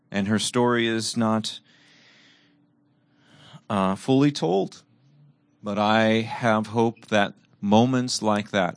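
A middle-aged man preaching a sermon and telling personal stories, earnest, moving between raised emphasis and soft, quiet reflection. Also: lowish voice, takes it slowly, pauses often, no room sound.

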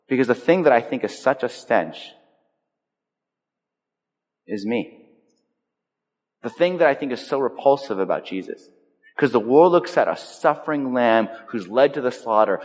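A pastor preaching a sermon to his church, animated and dramatic, swinging between loud exclamations and slow, quiet lines. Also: mid-range voice. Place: church sanctuary. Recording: long reverb of a large hall.

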